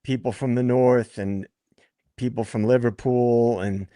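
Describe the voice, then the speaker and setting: A man's voice: medium pitch, fairly even intonation, measured pace, mellow, no room sound, clean studio sound. A man from Brooklyn on a live stream panel, chatting and telling anecdotes. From Brooklyn, New York. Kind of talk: casual panel chat.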